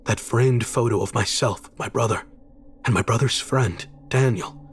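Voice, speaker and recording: A man reading a horror story aloud in a measured, dramatic scripted narration. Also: medium pitch, a little hiss or hum.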